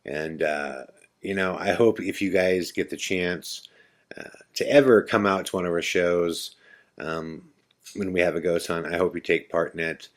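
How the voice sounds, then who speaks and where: Podcast host, male, deep voice, casual storyteller, chatty and animated. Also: a little slow. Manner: animated, relaxed storyteller with fillers.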